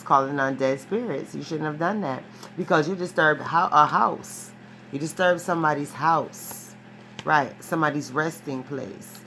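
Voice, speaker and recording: Low-voiced woman doing a rambling tarot reading. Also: a little hiss or hum. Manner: rambling and profane, ends phrases with a questioning "right?"; animated, emphatic storytelling with frequent restarts. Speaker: tarot reader. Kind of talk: casual spoken tarot reading.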